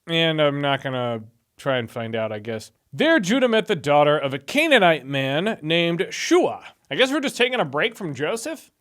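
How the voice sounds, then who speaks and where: A man's voice: on the high side, pushed and bright. A man reading scripture aloud in a casual video and adding his own chatty, wry asides as he goes. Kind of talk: casual Bible reading with commentary.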